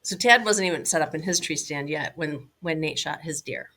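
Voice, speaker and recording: A middle-aged woman recounting a hunting trip as an interview guest, animated and full of "like"s and fillers. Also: low-pitched, moderate pace. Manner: animated, many fillers and "like"s, laughing now and then. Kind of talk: casual storytelling.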